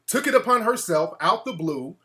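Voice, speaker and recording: A man hosting a talk show, ranting in an animated, mocking way and putting on voices to quote people. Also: sits high, moderate pace. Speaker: show host. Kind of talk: casual talk-show rant.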